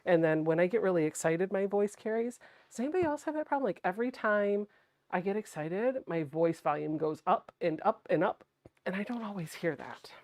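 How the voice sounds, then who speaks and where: A woman hosting a sewing livestream, talking softly and chattily as she thinks aloud while she works. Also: mid-range voice, lively intonation, a little fast, no echo. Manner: soft-spoken, not projecting.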